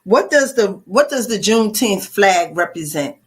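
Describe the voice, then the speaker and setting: A woman's voice: medium pitch, lively intonation, normal speed. A woman interviewer on a podcast, asking short, probing questions.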